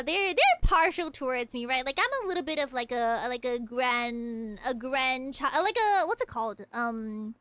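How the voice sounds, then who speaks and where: A young woman with a high-pitched, sharp voice chats casually while streaming a game, rambling through childhood stories and restarting often. The recording has no room sound.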